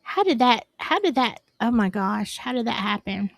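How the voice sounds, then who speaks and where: A woman's voice: a little high, sing-song, normal speed, gravelly, dry recording, studio quality. A woman hosting a live stream, chatting casually and apologizing in a flustered, rambling way. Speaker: livestream host.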